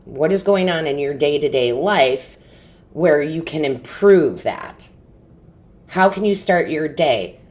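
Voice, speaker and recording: A woman's voice: deep voice, lively intonation, takes it slowly, a little mellow. A woman giving an intuitive tarot reading to camera, earnest and encouraging, often asking rhetorical questions. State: tearful, emotionally overwhelmed. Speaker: tarot reader.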